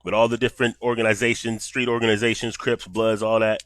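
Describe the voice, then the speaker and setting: Blunt, cursing man commenting, low voice. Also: level tone, quick pace, a bit bright, no room sound. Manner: blunt, profane street talk. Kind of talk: casual commentary.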